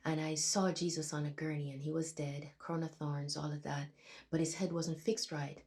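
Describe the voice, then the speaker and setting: A woman's voice: deep voice, little pitch movement, moderate pace, a little mellow. A middle-aged woman, a Christian video blogger, telling her dreams as an earnest and dramatic personal testimony.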